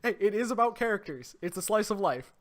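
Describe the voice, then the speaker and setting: A young man with a high voice co-hosts a loose anime podcast. He talks in rambling, excitable bursts and often trails off mid-thought. He speaks into a desk mic. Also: brisk. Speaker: podcast co-host. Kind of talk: casual chat. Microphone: desk microphone.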